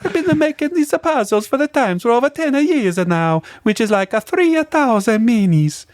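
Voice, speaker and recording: A man's voice: very high-pitched, sing-song, normal speed, dry recording, studio quality, voice pushed up. A man voicing a puzzle maker with an exaggerated put-on Italian accent, done as a comic bit in podcast chat. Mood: hammy.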